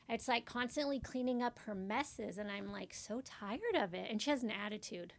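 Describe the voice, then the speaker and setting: A woman with a high, bright-pitched voice tells a story in casual chat, acting out the back-and-forth with a coworker. Her voice is recorded close and dry, with no room sound around it. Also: a little fast, dry recording. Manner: animated storytelling, acts out quoted voices. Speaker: medical office worker.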